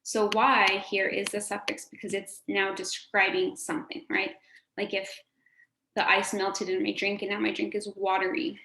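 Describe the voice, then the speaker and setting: A woman's voice: mid-range voice, level tone, normal speed, bright, forceful tone. A woman teacher giving a recorded phonics lesson to a class, encouraging and sing-song, drawing out words for the children to repeat. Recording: echoey room, faint background noise.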